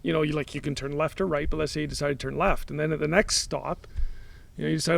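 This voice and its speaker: A man co-hosting a coaching podcast, walking through his points one by one and leaning on analogies. His voice is very gravelly and heavy with fry. It sits somewhat high for a man. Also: flat delivery, fast. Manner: methodical, lays out points with analogies. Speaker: life coach and co-host. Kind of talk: casual conversational podcast.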